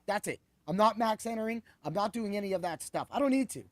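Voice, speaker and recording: A man hosting a podcast, talking excitably about fights in a rambling way that keeps correcting itself. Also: sits high, fast, no echo. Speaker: podcast host. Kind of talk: animated sports betting chat.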